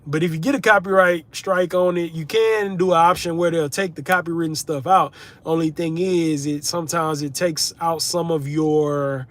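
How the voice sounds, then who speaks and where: A man's voice: on the high side, a bit bright. A young man from the United States hosting a casual livestream, reading out viewer comments in a laid-back, chatty way. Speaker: livestream host, content creator.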